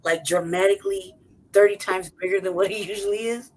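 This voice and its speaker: A woman's voice: medium pitch, brisk, poor audio. A woman telling a story in casual, profane chat on a podcast, laughing often and acting out what people said. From city-raised. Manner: profane, animated, laughs often, acts out voices. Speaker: podcast co-host.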